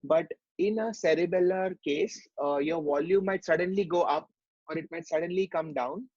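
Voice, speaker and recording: A man's voice: on the high side, normal speed, a little mellow, dry recording, lo-fi sound. A man giving a medical lecture, explaining step by step and asking rhetorical questions.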